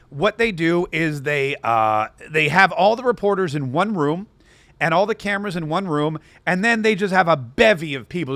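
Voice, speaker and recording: A man's voice: high voice, sharp tone, dry recording. A man hosting political commentary, sarcastic and rambling, full of asides.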